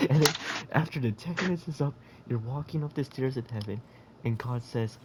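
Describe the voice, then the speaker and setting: Young guy gamer, very lively pitch, rambling crude storyteller who chuckles and restarts. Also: moderate pace, background noise. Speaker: gamer telling a story in voice chat. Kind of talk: casual game chat.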